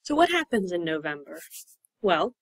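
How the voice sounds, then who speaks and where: A young woman teaching English as a second language, explaining slowly and patiently, repeating words and spelling them out. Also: on the low side, very animated, dry recording, low-quality recording. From United States. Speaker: ESL teacher. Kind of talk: slow, clear classroom explanation.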